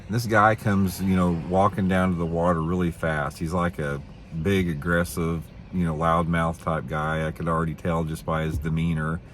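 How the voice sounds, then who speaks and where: A middle-aged man, a professional bass angler, telling a story to camera in a rambling, blunt, opinionated way, repeating his words. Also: little pitch movement, normal speed, fairly bright tone, slight background noise.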